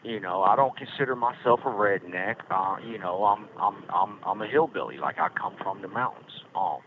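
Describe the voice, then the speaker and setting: A man's voice: fairly low pitch, normal speed. A middle-aged man, telling stories in a rambling, folksy way as a podcast host. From Virginia Blue Ridge foothills. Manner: rambling, folksy, lots of fillers. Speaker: podcast host calling from prison. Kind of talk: casual storytelling. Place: prison. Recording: tinny phone line with faint hiss.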